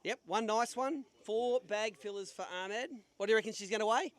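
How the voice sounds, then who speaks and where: On an outdoor weigh-in stage at a sailing club, a tournament host with a high, brisk voice keeps things chatty and upbeat. He runs the live fishing event, fires off jokes, and squeezes in quick interviews.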